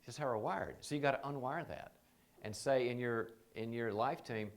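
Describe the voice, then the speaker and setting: A man's voice: mid-range voice, moderate pace. A man teaching a live training seminar in a conversational, joking way, often slipping into quoted voices.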